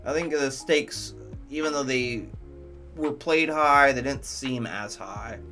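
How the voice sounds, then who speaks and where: A man's voice: medium pitch, takes it slowly, sharp tone, soft background music. A man reviewing movies in casual commentary, enthusiastic, profane and rambling.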